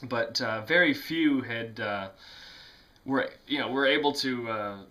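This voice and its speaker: Man, casual vlog chat, bright and forceful tone, rambling, full of ums and restarts. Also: medium pitch, a little slow. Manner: rambling, many fillers and restarts, self-deprecating laughs. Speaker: music vlogger. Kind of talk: casual talk to camera.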